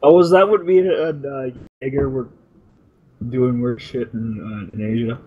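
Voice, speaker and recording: A man's voice: medium pitch, fairly even intonation, unhurried, breathy edge, phone-quality sound. A man chatting casually with friends in a gaming voice chat.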